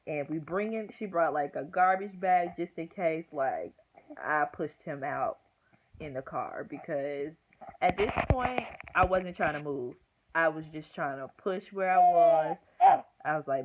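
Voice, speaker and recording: A woman's voice: deep voice, expressive, measured pace. A young woman vlogger telling a story casually and acting out the quotes with groans and whispers. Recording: tinny phone-like audio with faint hiss.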